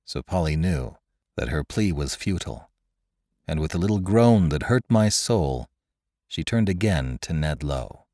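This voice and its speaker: A man reading an adventure story aloud as narrator, with expressive, dramatic delivery. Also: a bass voice, measured pace, no room sound, clean studio sound. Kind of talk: scripted narration.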